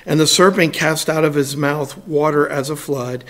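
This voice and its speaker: Hoarse pastor guy preaching in a church, raspy scratchy voice, kinda high, clears his throat a lot. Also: steady tone, normal speed, fairly bright tone. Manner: folksy, self-deprecating asides, occasional throat clearing. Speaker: assistant pastor. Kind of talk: evening sermon with scripture reading and prayer. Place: church sanctuary.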